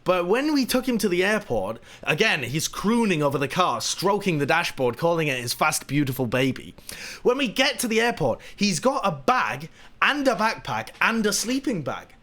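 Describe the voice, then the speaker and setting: A man's voice: high voice, moderate pace. A man streaming live, telling a funny story casually and laughing at it as he goes. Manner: animated, laughing at his own story.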